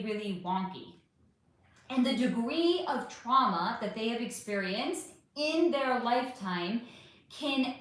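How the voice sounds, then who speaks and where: A woman hosts a casual livestream, reading out viewer questions and answering them. Her voice sits high and swoops around a lot, and she talks straight to her viewers with plenty of emphasis. The sound bounces around a very echoey room. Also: a bit bright.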